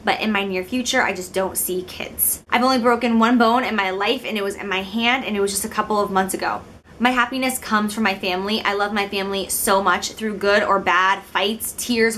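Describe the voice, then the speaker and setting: A woman's voice: mid-range voice, steady tone, brisk, fairly bright tone, a little hiss or hum. A young woman in her twenties, from Illinois, talking casually to the camera in a chatty, giggly, self-deprecating way. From Illinois, United States. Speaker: beauty vlogger.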